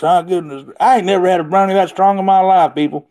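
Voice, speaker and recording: Guy rambling on his phone live, chatty, kinda high voice, laughs a lot. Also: steady tone, fast talker, dark tone. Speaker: livestream host. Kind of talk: casual livestream chat.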